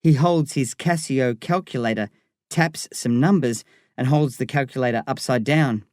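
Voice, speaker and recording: A man reading a first-person novel aloud in a measured storytelling manner. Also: mid-range voice, darkish tone, no room sound, studio quality. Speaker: narrator. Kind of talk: audiobook narration.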